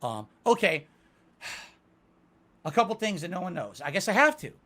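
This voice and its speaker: A man's voice: sits high, sing-song, a little slow, pushed and bright. A man in an interview, talking in a rambling, defensive and emotional way. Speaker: content creator being interviewed.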